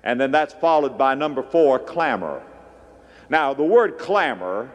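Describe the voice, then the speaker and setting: A man's voice: medium pitch, animated, measured pace. Dramatic preaching man in an echoing hall. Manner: dramatic preaching with sudden swings between hushed and loud. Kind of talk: sermon. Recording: long echo of a large hall.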